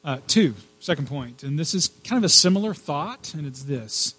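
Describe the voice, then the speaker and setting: Male pastor, slightly high voice, casual halting sermon delivery, faint hum behind. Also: animated, bright, forceful tone, slightly rough, low-quality recording. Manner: conversational preaching with fillers and repeated words.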